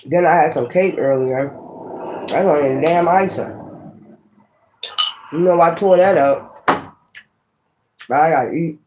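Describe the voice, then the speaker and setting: A man hosts a laid-back tarot vlog, rambling and chewing as he talks. His voice sits a little high and his delivery is very slow. Faint noise hums under the recording. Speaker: tarot reader. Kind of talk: casual tarot vlog chat.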